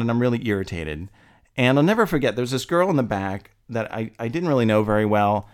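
Animated man telling a story. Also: mid-range voice, a little fast, clear, resonant tone. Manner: animated, laughs often, rising with indignation. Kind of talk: casual storytelling.

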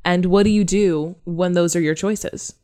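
Woman, slightly low voice, podcast co-host, playful, thoughtful. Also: steady tone, measured pace, dark tone. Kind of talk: casual conversational podcast.

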